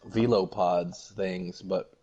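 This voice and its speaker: A man's voice: sits low, steady tone, takes it slowly, warm tone, muffled recording, slight background noise. A man gaming with a friend, making wry quips and laughing often. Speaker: gamer co-host. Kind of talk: casual gaming chat.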